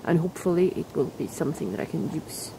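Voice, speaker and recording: A woman's voice: low-pitched, fast, vocal fry, dark tone, a little hiss or hum. A woman with a Swedish accent, chatting to viewers in a casual outdoor vlog while she cooks over a fire in winter, full of exclamations. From Sweden. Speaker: outdoor vlogger.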